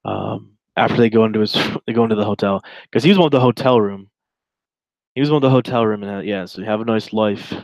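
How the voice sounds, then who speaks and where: A man's voice: on the low side, fast talker, darkish tone, no echo, poor audio. A man in his twenties giving casual, rambling reaction commentary while reading a chat log, with sarcastic asides.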